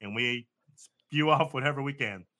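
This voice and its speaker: A man's voice: medium pitch, moderate pace, pushed and bright. A man co-hosting a casual sports podcast, laid-back and slangy, rambling as he talks. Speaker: podcast co-host.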